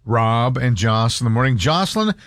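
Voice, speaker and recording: A man's voice: medium pitch, expressive, normal speed, a bit bright, no echo. Teasing man on morning radio. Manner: teasing, dry. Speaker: radio co-host. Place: radio studio.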